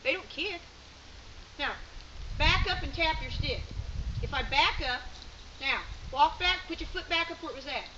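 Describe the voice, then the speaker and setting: High-voiced woman coaching outdoors. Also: moderate pace, long pauses. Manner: directive, chatty, explains as she goes. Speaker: sheepdog trainer. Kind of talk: coaching at a training clinic. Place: outdoor field with sheep. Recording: muffled outdoor recording with hiss.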